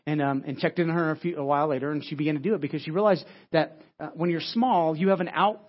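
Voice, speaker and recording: Fast-talking pastor with a dull, lo-fi sound. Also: male voice, a little high, fairly even intonation. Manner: conversational, repeats words and restarts, frequent "right?". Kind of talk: sermon. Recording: dull lo-fi audio.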